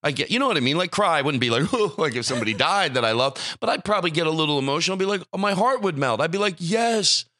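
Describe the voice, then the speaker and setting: A man hosting a podcast, ranting in casual chat, jumping between loud bursts and low muttered asides. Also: animated, racing, few pauses, no echo, clean studio sound. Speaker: podcast host.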